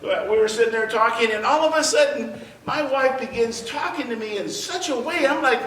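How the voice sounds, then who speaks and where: High-voiced man teaching a church class. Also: normal speed, hardly any pauses. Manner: animated, stammering restarts, laughing through stories, drops quiet for effect. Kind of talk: church teaching with personal storytelling. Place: church sanctuary. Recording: roomy church sound picked up from a distance.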